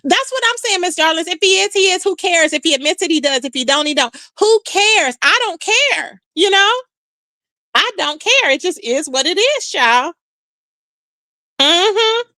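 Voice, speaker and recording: A woman's voice: extremely high pitch, moderate pace, dry recording. A woman hosting a live stream, chatting casually with viewers and reacting to comments with lots of "child". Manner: chatty, animated, says "child" often.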